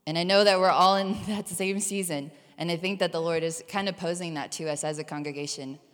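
A woman's voice: fairly low pitch, fairly quick. Candid woman in an echoing church. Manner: candid, conversational, animated retelling with playful asides. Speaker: missionary sharing a testimony. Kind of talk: personal testimony in a church service. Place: church sanctuary. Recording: long church hall reverb.

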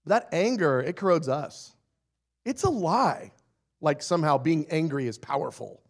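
A man preaches an energetic, humorous sermon in a gravelly voice that sits on the high side, at a measured pace. Animated and playful, he acts out little scenes in different voices and often laughs between points.

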